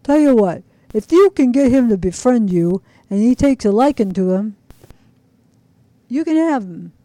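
A woman voicing a gruff, low-voiced old junkyard keeper with a dry sense of humor in a storybook reading. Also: lively intonation, a little slow, mellow, no echo, low-quality recording.

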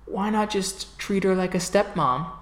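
The game master voicing a suited male villain who talks with calm, businesslike menace. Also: high-pitched, measured pace, roomy sound, pitched above the performer's own voice.

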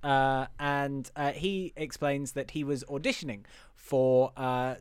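A man's voice: medium pitch, fairly even intonation, slow pace, clean tone, dry recording. A man hosting a casual chat about a film, talking in a rambling, joking way with lots of fillers. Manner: rambling, with many fillers, swears and laughs. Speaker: podcast host.

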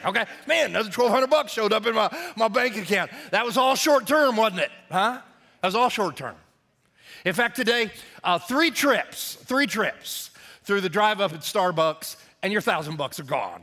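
A man's voice: high-pitched, pushed and bright. A male pastor giving a sermon in a folksy, chatty way, joking with the congregation. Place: church service.

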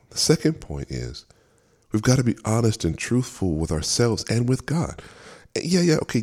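A man's voice: low voice, a little mellow, breathy edge. A man preaching a sermon as a minister, earnest and fervent, often repeating and restarting phrases. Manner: speaks with fervor and emphasis.

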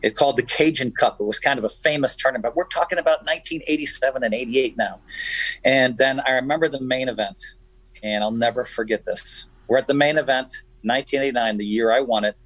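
A man guesting on a radio show, telling stories in an animated, emphatic way. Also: medium pitch, quick pace, breathy edge, no echo, low-quality recording. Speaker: guest poker player. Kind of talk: casual radio chat, storytelling.

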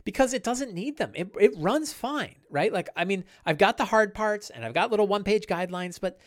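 A middle-aged man hosting a casual live-stream chat, rambling and animated, with many fillers and restarts. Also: sits high, a little fast, dry recording, studio quality. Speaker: podcast host.

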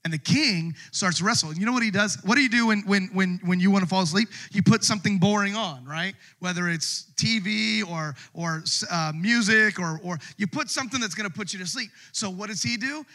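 A pastor preaching a sermon in a church service, retelling a story with lively acted voices. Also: male voice, high-pitched, brisk, few pauses.

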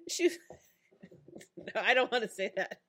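A woman's voice: on the high side, expressive, takes it slowly, sharp tone. A woman co-hosting a casual recap podcast, making wry asides and laughing often. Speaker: podcast co-host.

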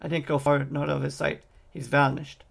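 A man's voice: fairly high pitch, little pitch movement, fairly quick, vocal fry. A man voicing an anxious, apologetic young man in a fantasy audiobook, in his plain reading voice. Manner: plain reading voice, little change from narration.

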